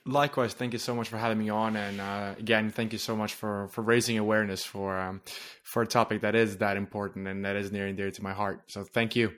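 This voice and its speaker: A man's voice: on the low side, level tone, a little fast, few pauses, a bit bright. A man in his twenties, a podcast guest chatting casually and agreeably. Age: 20s.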